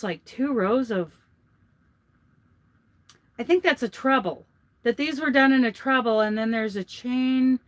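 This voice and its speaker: A woman's voice: on the high side, fairly bright tone. A woman hosting her crochet vlog, chatting and gushing over handmade gifts from a truck. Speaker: vlog host. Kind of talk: casual chat showing crochet gifts. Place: inside a truck.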